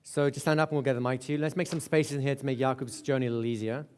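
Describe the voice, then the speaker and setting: A man's voice: medium pitch, steady tone, rapid-fire, a little mellow, clean tone. A man teaching a live hypnosis seminar in a conversational way, often checking in with "right?" and restarting phrases. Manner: restarts and repeats words. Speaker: hypnosis instructor.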